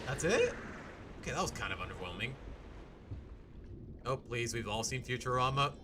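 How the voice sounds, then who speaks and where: A man's voice: mid-range voice, moderate pace. Guy streaming a game, bouncy voice, goofing around w chat, music playing under it. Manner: animated, jokey, chats to viewers. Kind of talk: live gameplay commentary.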